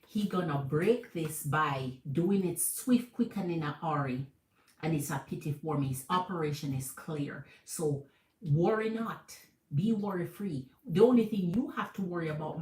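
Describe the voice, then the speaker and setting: Jamaican woman tarot reader, low voice, echoey room, lively and repetitive. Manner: animated, repeats phrases, calls viewers Queen. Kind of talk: live tarot reading to viewers.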